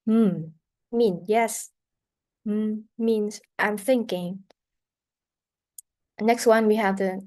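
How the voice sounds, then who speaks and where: Female pronunciation teacher, mid-pitched, halting delivery with fillers, models sounds over and over. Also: a little mellow. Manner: halting, with many fillers, repeating sounds and words for practice. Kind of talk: classroom pronunciation lesson.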